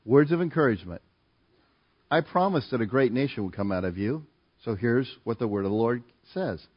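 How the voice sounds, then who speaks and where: A middle-aged pastor preaches a sermon, telling stories in a conversational, rambling way full of fillers and restarts. His medium-pitched voice has lively intonation, a slightly fast pace, and a breathy edge, on dull lo-fi audio.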